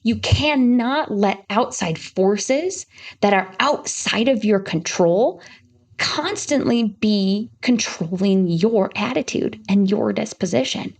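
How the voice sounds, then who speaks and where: A woman's voice: medium pitch, expressive, takes it slowly. Woman podcast host from Michigan, young adult, casual reflective monologue with lots of fillers. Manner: warm, reflective storytelling with many "you know" fillers.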